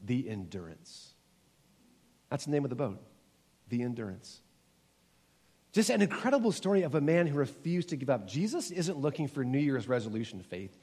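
A man in his forties preaching a sermon in a church, building to emphatic repeated exhortations and then dropping low and soft. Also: big pitch swings, moderate pace, long pauses, breathy edge, long reverb tail. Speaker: pastor.

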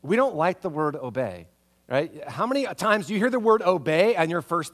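A man preaching a sermon as pastor in a church, conversational and animated, tossing out rhetorical questions and checking in with listeners. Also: on the high side, normal speed. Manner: conversational, full of rhetorical questions and tag "right?"; animated, acts out reactions.

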